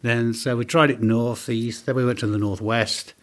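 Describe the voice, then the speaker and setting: A man in his forties telling animated business anecdotes in a casual interview, acting out the dialogue he quotes. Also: medium pitch, moderate pace. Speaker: business owner guest.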